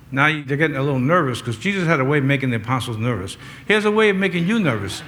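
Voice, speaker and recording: A pastor delivering a conversational sermon, mixing scripture retelling with humorous asides to the congregation. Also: male voice, medium pitch, animated, racing, hardly any pauses, fairly bright tone, slight background noise.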